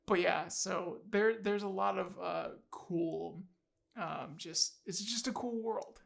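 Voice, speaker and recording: A man's voice: high voice, fairly even intonation, slow, vocal fry, fairly bright tone. A man casually reviewing an audiobook on his channel, enthusiastic and rambling, with many fillers and restarts.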